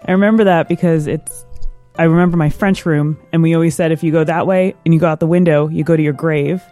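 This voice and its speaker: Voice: mid-range voice, steady tone, fast talker, warm tone. Chatty quiz panelist with music behind. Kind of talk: casual podcast banter.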